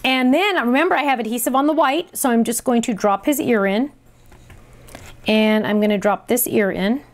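A middle-aged woman hosting a craft tutorial, chatty and excitable, talking to herself as she works. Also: a little high, normal speed. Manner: chatty and excitable, talks to herself while working. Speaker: crafting show host.

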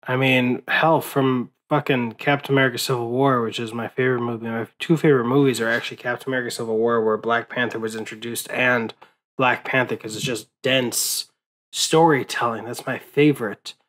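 A tired man talking late at night in a casual rambling monologue, swearing often and pausing with fillers as he mourns. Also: medium pitch, steady tone, fairly bright tone, rough recording. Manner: profane, grieving, rambling with many fillers. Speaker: movie vlogger.

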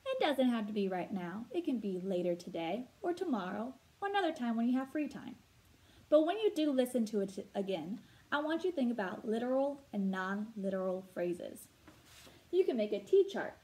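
Lively, high-voiced woman teaching vocabulary. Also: rough recording. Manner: slow, clear teacher talk with rhetorical questions. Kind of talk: read-aloud vocabulary lesson.

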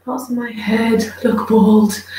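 A woman's voice: mid-range voice, a little mellow. A woman streaming casually while grooming her dog, chatting with viewers and cooing baby talk to the dog. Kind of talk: casual live chat with viewers. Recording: roomy, distant from the mic.

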